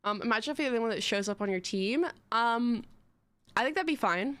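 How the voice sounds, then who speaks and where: A young woman live-streaming and rambling casually to her viewers. Her voice sits a touch higher than most, and she giggles and pokes fun at herself as she goes. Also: animated, a little fast, a bit bright, no echo. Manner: rambling, giggly, self-mocking banter.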